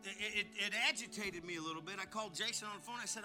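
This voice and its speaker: High bright pastor preaching. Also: male voice, brisk, soft background music. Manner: folksy, animated and joking, with repeated word restarts. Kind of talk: sermon.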